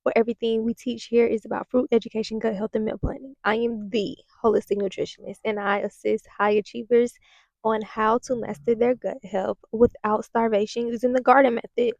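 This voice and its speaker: A young woman talks straight to her viewers in a casual vlog, emphatic and a little preachy, looping back over her points. Her voice sits fairly high but sounds mellow rather than bright. The sound is close and dry, and now and then she drops into a breathy whisper. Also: flat delivery, a little fast, no echo, muffled recording. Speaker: holistic nutritionist vlogger.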